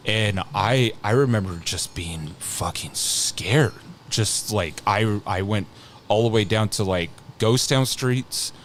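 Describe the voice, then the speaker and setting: Rambling, halting man in his thirties. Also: on the low side, a little hiss or hum. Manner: rambling, halting, with frequent restarts and casual swearing. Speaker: podcast guest, scare actor. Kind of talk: casual storytelling on a podcast.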